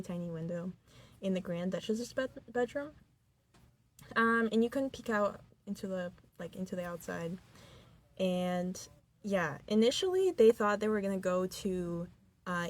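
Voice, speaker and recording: A young woman co-hosting a student radio podcast, chatting casually with lots of fillers and giggles. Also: medium pitch. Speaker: podcast co-host.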